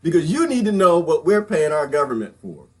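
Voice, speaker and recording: A man ranting in a casual vlog, loud and expressive, laughing between his points. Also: a little high, brisk. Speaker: vlogger.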